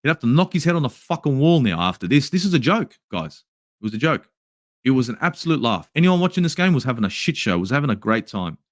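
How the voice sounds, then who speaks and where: Big swings in pitch mark this fast-talking Australian fan channel host as he rants angrily, swearing often and switching between yells and mutters. He reviews a match and answers live chat, recorded in clean studio sound without echo.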